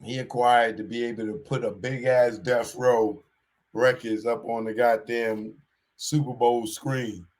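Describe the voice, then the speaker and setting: A man hosting a show, giving a casual commentary monologue in animated street talk and repeating his warnings. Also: medium pitch, measured pace. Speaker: show host.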